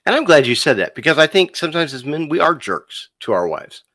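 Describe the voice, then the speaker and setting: A man on a podcast telling a personal story in a lively, conversational way, acting out the dialogue and calling the listener "dude.". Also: a little high, a little fast. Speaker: podcast guest.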